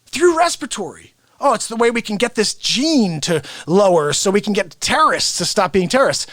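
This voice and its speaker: Animated man ranting to his stream. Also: high-pitched, a little fast, no echo, clean studio sound. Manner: animated, rambling, talks straight to viewers. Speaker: live-stream host and celebrity impressionist. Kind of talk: casual live-stream rant.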